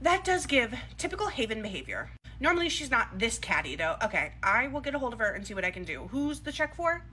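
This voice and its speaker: A woman's voice: fairly high pitch, very animated, fast talker, sharp tone, slight background noise. A woman playing a casual, reassuring coworker. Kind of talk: comedy skit role-play.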